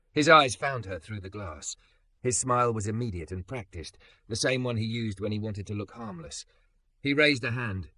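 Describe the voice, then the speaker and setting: Man, scripted story narration, dramatic, low pitch, dry close sound. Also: pushed and bright, no echo.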